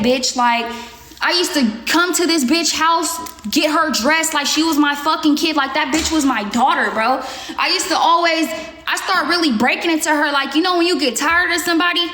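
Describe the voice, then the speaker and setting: A young adult woman telling a profane story on a livestream, animated and acting out the quotes. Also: high-pitched. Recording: echoey room.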